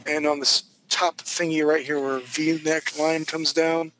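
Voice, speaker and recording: A man's voice: a little high, level tone, measured pace, fairly bright tone, a little hiss or hum, poor audio. A man teaching a live online drawing class from home, talking loosely and jokingly as he thinks aloud while he draws. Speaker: drawing instructor. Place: home studio.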